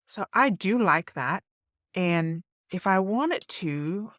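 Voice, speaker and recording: A woman narrating a screen-recorded design tutorial, thinking aloud in a relaxed way as she works. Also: fairly low pitch, no room sound, clean studio sound.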